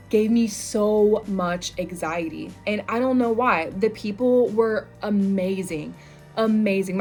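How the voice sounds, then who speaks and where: A woman's voice: mid-range voice, a little mellow. A woman in her twenties chatting at home, telling her story to viewers in a casual, talkative way. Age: 20s. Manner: chatty, addresses viewers as y'all. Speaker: vlogger.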